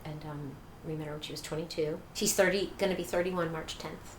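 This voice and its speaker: A middle-aged woman telling her own story as an interview guest, animated, acting out what other people said. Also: low-pitched, a little fast. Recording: echoey room with faint noise.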